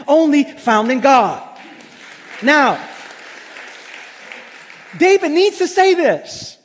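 High-voiced man preaching in a reverberant hall. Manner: emphatic, slows down and drops low for scripture lines. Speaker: pastor. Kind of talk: sermon. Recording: long reverb of a large hall.

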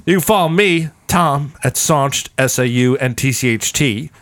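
A man's voice: mid-range voice, animated, brisk, no echo. A drunk man co-hosting a comedy podcast, signing off in a playful host patter. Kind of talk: casual drunk banter.

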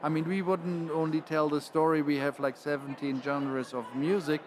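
A man's voice: a little high, level tone, moderate pace, crowd noise. A man, speaking as a panel guest and often restarting his phrases. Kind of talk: panel discussion.

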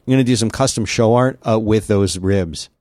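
A man's voice: fairly low pitch, normal speed, no room sound, clean studio sound. A man hosting a podcast in casual, rambling chat, full of restarts and asides. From lives in Central Texas. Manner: rambling and lively, with many restarts. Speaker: podcast host.

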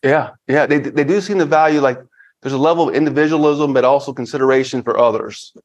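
A man in his fifties talks casually as a podcast guest, with a mid-range voice. He speaks with energy and keeps acting out excited little asides. The audio sounds a little dull and lo-fi. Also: mid-range voice, fast. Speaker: podcast guest, finance firm founder. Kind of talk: casual interview talk.

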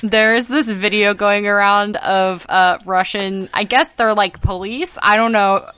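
A woman's voice: mid-range voice, fairly even intonation, unhurried, pushed and bright, smooth, dry recording. A woman co-hosting a podcast, telling rambling stories in casual chat, full of fillers and swearing. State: tired from insomnia. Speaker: podcast co-host.

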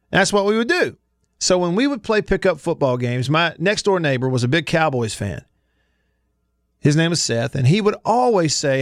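This Alabama man in his forties hosts a sports radio show with a Southern accent, spinning stories in a chatty, casual way and laughing often. His voice is a little high, expressive and a little fast, captured in a dry, clean studio recording.

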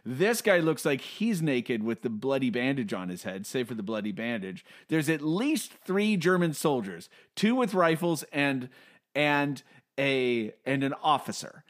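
A man's voice: mid-range voice, big pitch swings, measured pace. A man co-hosting a podcast, rambling through comic strip panels in casual comedic chat, often restarting and breaking into laughter.

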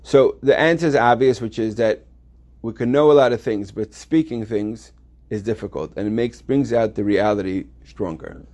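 A man's voice: lowish voice, moderate pace, few pauses, darkish tone. A man teaching a yeshiva Torah class, explaining step by step with many restarts and reading Hebrew texts aloud.

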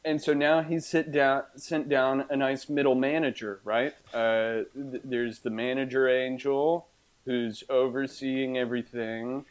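A man's voice: medium pitch, flat delivery, unhurried. A man co-hosting a casual podcast, giving wry, sardonic commentary. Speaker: podcast co-host. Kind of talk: casual chat.

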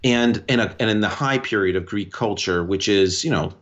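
Guy on a podcast rambling through a story, kinda low voice, muffled lo-fi audio. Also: normal speed. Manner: rambling, animated storytelling with many restarts. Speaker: podcast co-host. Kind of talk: casual podcast conversation.

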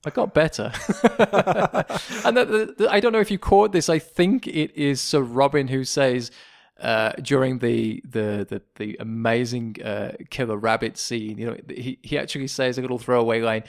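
A man's voice: mid-range voice, normal speed. An English man co-hosting a podcast, chatting enthusiastically about a favorite comedy film and laughing often as he recalls the jokes. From England. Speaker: podcast co-host. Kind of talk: casual film discussion.

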